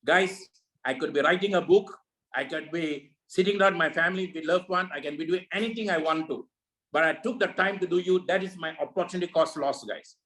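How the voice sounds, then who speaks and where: A man's voice: fairly high pitch, fairly quick, fairly bright tone, rough recording. A man leading a network marketing meeting over a video call, giving a preachy motivational talk full of repeated rhetorical questions.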